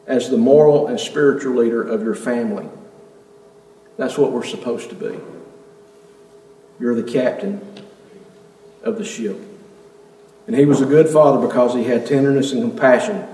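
A man's voice: mid-range voice, fairly even intonation, a little slow, pauses often, dark tone. Earnest preacher man in an echoey hall. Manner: earnest, rhetorical questions to the congregation. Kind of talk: sermon. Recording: echoey hall, mic at a distance.

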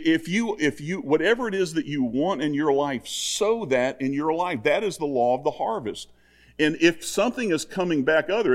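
A man's voice: medium pitch, a little mellow. An older man preaching an earnest, conversational sermon that keeps returning to the same plain exhortations.

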